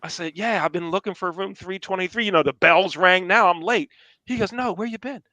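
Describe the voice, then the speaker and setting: Animated high-voiced older man storyteller. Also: brisk, dry recording. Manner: animated storyteller acting out quotes. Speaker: storyteller guest. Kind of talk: casual anecdote telling.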